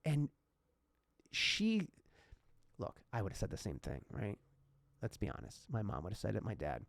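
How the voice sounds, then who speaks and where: A man's voice: fairly low pitch, wildly swooping pitch, moderate pace, creaky, fairly bright tone, dry recording. A man co-hosting a podcast who tells a personal story in an earnest, rambling way, with many restarts and asides. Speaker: podcast co-host.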